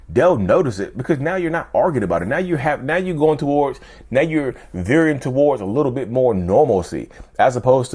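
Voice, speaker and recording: A man hosting his channel, talking earnestly to camera in casual chat, often repeating himself and jumping up in pitch for emphasis. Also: a little mellow. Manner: earnest, repetitive, keeps asking "you see what I'm saying"; jumps sharply up in pitch for emphasis. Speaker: YouTube channel host.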